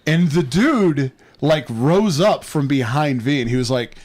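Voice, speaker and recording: Brief: male podcast co-host, mid-pitched voice, loose crude storyteller. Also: a little slow, few pauses, a little mellow. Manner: crude joking storytelling, lots of fillers. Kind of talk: casual chat.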